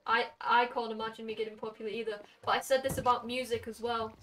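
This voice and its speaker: A woman's voice: on the high side, little pitch movement, fairly bright tone, slight background noise. Chatty Welsh teen girl streamer. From Wales. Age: late teens. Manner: chatty, reacting to chat with quick asides. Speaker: game streamer. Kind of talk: casual live-stream chat while gaming. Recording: somewhat distant mic with faint music.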